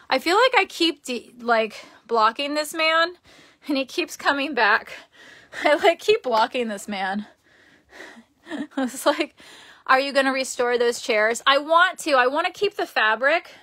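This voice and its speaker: A young woman from Queens, New York hosts a livestream from her childhood bedroom, talking casually and directly to viewers, giggling often. Her fairly high voice has a pushed, bright quality.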